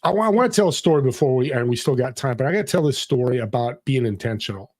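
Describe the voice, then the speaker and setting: A middle-aged man appears as a podcast guest, sharing a personal story with earnest, motivational energy and acting out the people he quotes. His voice is medium-pitched and darkish, with lively intonation and a fast pace, in a conversational storytelling style.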